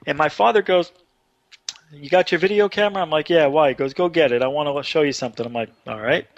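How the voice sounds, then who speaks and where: Excitable man telling a story. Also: on the high side, quick pace. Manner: animated, excited retelling with rising voice. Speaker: radio show guest. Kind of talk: casual storytelling on a talk show. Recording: dull dry online radio audio.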